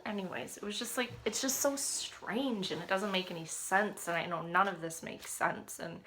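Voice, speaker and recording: A woman talks to the camera in a personal video diary about caring for her sick husband. Her voice is bright and gravelly. She is emotional and often sinks to a near whisper. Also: medium pitch, moderate pace, few pauses, a little hiss or hum.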